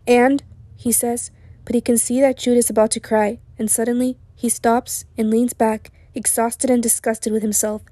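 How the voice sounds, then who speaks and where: A hoarse woman reads a novel aloud, her voice slightly high but mellow and dark in tone. She lifts into sharp, loud outbursts when the characters shout. The recording is close and completely dry. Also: flat delivery, moderate pace, no room sound. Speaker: audiobook narrator. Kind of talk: audiobook reading.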